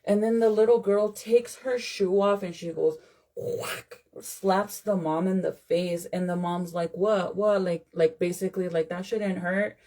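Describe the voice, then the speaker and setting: A woman's voice: fairly low pitch, fairly even intonation, moderate pace, hardly any pauses, warm tone. A woman reacting to a video in casual commentary, blunt and fired up, swearing freely. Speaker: content creator reacting to a clip.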